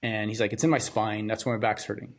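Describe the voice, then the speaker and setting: A young man hosting a podcast, telling a personal story in a halting, subdued, grieving way, often trailing off and repeating words. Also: fairly low pitch, flat delivery. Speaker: podcast host.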